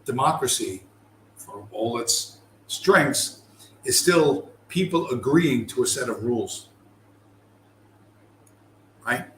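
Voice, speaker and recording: A man's voice: medium pitch, animated, takes it slowly, long pauses, echoey room, a little hiss or hum, low-quality recording. Swearing, contemptuous man ranting. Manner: aggressive, contemptuous, swears heavily. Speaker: commentator. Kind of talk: profane ranting monologue.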